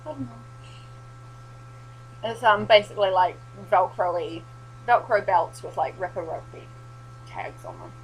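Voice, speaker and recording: Sweary, animated New woman vlogger. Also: medium pitch, unhurried, pauses often, a little hiss or hum, poor audio. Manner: animated, sweary, laughing storyteller. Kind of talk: casual storytelling recap.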